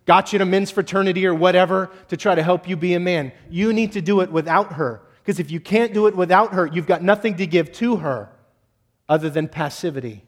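Blunt, exhorting male pastor. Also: high-pitched. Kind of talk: sermon.

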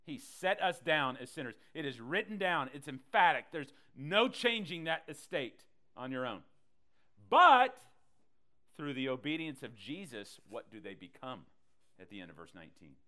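A man preaching a sermon to a congregation. He teaches in an animated way and acts out the people in his stories. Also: fairly high pitch, moderate pace. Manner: animated preaching, acting out voices in quotes. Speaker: pastor.

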